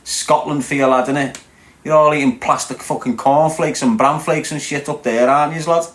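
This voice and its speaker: A man's voice: fairly high pitch, steady tone, moderate pace. Brash, swearing Scouse man in his forties. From Liverpool, England. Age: 40s. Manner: brash, swearing, teasing viewers. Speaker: live streamer. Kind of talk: crude live-stream banter with chat.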